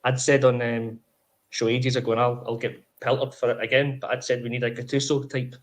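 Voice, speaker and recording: Flat-voiced football pundit man. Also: mid-range voice. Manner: chatty, opinionated, fast-flowing. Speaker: podcast co-host. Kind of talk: casual football chat.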